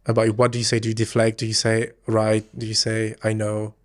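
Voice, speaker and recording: A man's voice: lowish voice, monotone, brisk. Man, blunt and swearing. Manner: blunt and swearing, coaching with laughs. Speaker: podcast guest. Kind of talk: casual chat.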